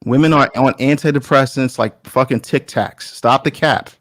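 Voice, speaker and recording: A man's voice: medium pitch, normal speed, a bit bright, dry recording. A man arguing bluntly in a heated debate, teasing and repeating his points.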